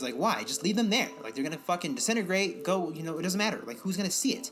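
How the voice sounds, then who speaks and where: A man's voice: high voice, big pitch swings, fast talker, a bit bright, faint music behind. A young man co-hosting a casual podcast, rambling and swearing through exasperated rants. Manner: rambling, profane, exasperated ranting. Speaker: podcast co-host.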